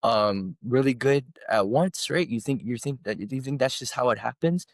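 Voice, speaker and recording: A man doing a yelling, teasing high school coach. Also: animated, moderate pace, no echo, studio quality, natural voice. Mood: scolding. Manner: yelling, scolding yet teasing.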